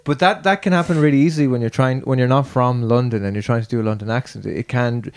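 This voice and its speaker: A woman with an unusually low voice chatting casually with a friend. She talks haltingly, restarting her sentences and reaching for words with frequent fillers. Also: a little mellow. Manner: hesitant, many restarts and fillers. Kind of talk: casual chat.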